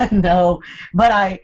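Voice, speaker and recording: An older woman, a guest in a candid interview, who tells stories with animated, teasing humor and laughs often. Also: mid-range voice, drawn-out words, dull audio. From United States, Cuban American family.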